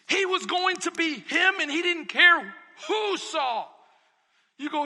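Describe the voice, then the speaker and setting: A man preaching in a very high, piercing voice that carries a gravelly, husky grain. He swings between loud, emphatic declarations and quiet, close reflection, and a long hall reverb trails after every phrase. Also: animated, takes it slowly. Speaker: pastor. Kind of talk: sermon.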